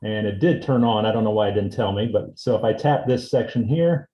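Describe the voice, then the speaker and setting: A man teaching a seminar on assistive technology, explaining a device demonstration step by step in a relaxed way. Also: lowish voice, a little fast, lo-fi sound. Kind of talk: instructional demonstration. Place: indoor seminar room. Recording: roomy echo.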